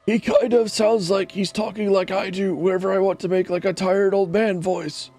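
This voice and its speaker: A man's voice: sits high, fairly even intonation, moderate pace, darkish tone. Casual, swearing male game streamer. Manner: casual, rambling, profane. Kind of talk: casual gameplay commentary.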